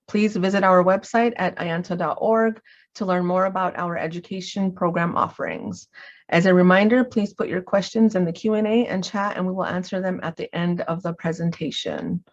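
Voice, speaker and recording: A woman from New Mexico opens a webinar, reading announcements in an even, measured way. Her voice sits a little low, and the lo-fi call audio dulls its edges. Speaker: webinar host. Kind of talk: scripted webinar introduction.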